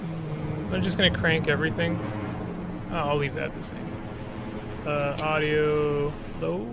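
A male streamer with a slightly high voice, talking casually through a game, often backtracking mid-sentence. A noticeable rumbling noise sits under his voice. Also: level tone, a little slow, vocal fry. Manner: chatty, rambling with restarts. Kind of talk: casual gameplay commentary.

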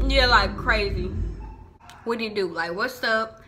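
A woman's voice: fairly high pitch, unhurried, long pauses, music in the background. A young woman from Houston with a Southern Houston accent, chatting casually about local slang in a vlog, laughing often and saying "like" a lot. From Houston, Texas. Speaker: vlogger.

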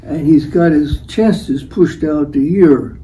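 Brief: older male host, slow rambling storyteller, dark mellow tone, acts out the quotes. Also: a little high, low-quality recording. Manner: unhurried, acts out the voices in his stories. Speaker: host telling life stories.

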